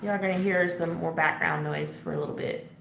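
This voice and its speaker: A woman's voice: on the low side, wildly swooping pitch, fairly quick, vocal fry, a bit bright. A woman hosting a casual live coloring chat, answering viewer comments as she works and laughing often. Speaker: coloring channel host. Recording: echoey room, faint background noise.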